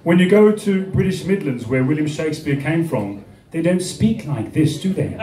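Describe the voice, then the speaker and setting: High-voiced comic on a roomy stage. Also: male voice, expressive, normal speed. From Australia. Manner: jokey, puts on accents and voices. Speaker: stand-up comedian. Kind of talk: stand-up comedy set. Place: comedy club on stage. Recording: echoey club from a distance, audience laughter. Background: crowd laughing.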